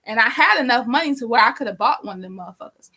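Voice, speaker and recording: During a live stream, a young woman casually tells a story, animated and swearing, rambling along with plenty of fillers. Her voice is on the high side and she talks very fast.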